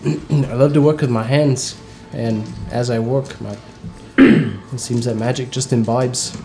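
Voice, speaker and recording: A man speaking in character as a player in a tabletop game, halting and self-correcting. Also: medium pitch, warm tone. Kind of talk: in-character role-play.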